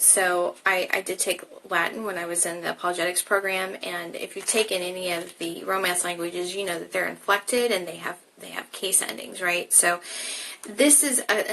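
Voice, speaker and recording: Bright-voiced woman teaching Bible study. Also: on the low side, creaky, slight background noise, rough recording. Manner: explains casually, then reads passages aloud with restarts. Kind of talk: live-streamed Bible study.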